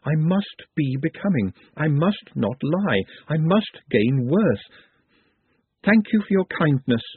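A man's voice: a little high, very animated, slow pace, husky, no room sound, pitched above the performer's own voice, exaggerated voice. A man voicing an odd, polite young man who speaks formally and precisely, like a mantra. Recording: tinny phone-like dry audio.

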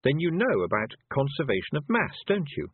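A man voicing a clever young girl witch who speaks calmly with sweet sarcasm. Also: on the high side, fairly quick, breathy edge, no echo, narrow, tinny audio, voice pushed up, exaggerated voice.

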